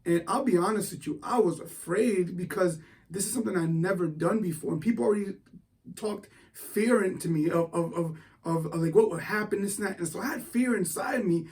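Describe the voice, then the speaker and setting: A man giving a motivational talk, telling a story in an animated, excitable way with frequent restarts. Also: sits high, fairly quick, far from the mic. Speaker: motivational speaker.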